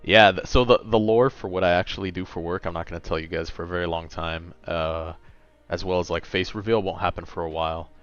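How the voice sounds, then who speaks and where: A man's voice: sits low, fairly even intonation, fairly quick, few pauses, a bit bright, clean tone, dull audio, faint music behind. A man in his late twenties chatting casually and a little tiredly on a gaming livestream, reading and answering chat. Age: late 20s. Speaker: gaming streamer.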